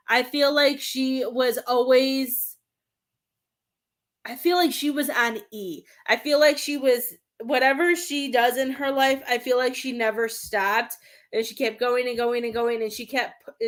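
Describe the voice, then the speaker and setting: A woman's voice: on the high side, a bit bright. A woman doing a live-stream reading as a medium, talking in a rambling, hesitant way and searching for words. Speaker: psychic medium.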